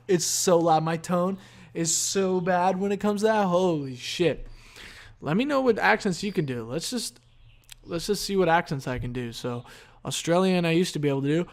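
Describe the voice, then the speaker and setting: A man's voice: high voice, animated, normal speed. A tired, yawning man hosting a solo podcast, rambling in a laid-back, profane stream of consciousness. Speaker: podcast host.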